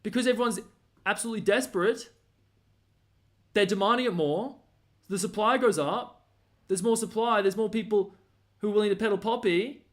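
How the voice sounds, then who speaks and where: A man's voice: high-pitched, normal speed, long pauses. An Australian man ranting casually, rambling and slangy with lots of fillers and restarts.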